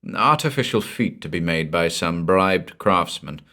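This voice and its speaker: A man reading a horror story aloud in a measured, unhurried way, with dramatic pauses. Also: low-pitched, expressive, pushed and bright. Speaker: narrator. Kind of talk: scripted horror audiobook narration.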